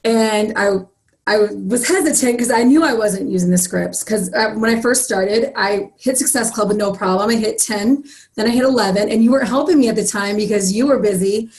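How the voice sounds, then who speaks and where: A woman on a team call telling a candid, animated story about herself in a casual way. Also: medium pitch, brisk, low-quality recording. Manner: animated, candid, self-mocking. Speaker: team member sharing a story.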